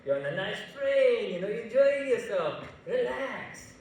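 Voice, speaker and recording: A man voicing a polite, evasive waiter who dodges questions with hesitant, fawning courtesy, somewhat lower and softer than his own voice. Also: big pitch swings, unhurried, heavily acted. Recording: echoey hall, mic far off.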